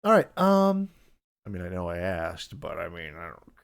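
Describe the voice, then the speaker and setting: A man's voice: low voice, wildly swooping pitch, normal speed, creaky, clean tone. A man hosting a casual podcast, who rambles with dry, self-deprecating humor and lots of fillers. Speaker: podcast host.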